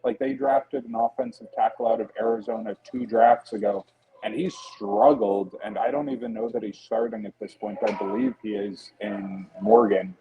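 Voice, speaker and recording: A man co-hosting a casual sports podcast from a pub, giving steady, analytical breakdowns. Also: lowish voice, moderate pace, muffled recording. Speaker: podcast co-host.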